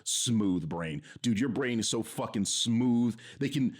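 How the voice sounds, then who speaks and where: A man's voice: fairly low pitch, animated, takes it slowly, darkish tone. A man streaming, reacting to a video in heated casual commentary, swearing and mocking with an exasperated tone. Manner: profane, exasperated, mocking laughs.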